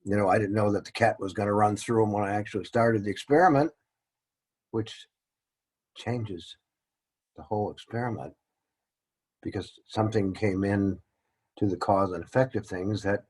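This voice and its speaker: A man's voice: on the low side, moderate pace, pauses often, a little mellow, husky, low-quality recording. A man teaching a casual lesson, rambling and joking at his own expense. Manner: rambling, joking and self-deprecating. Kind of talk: casual classroom-style lecture.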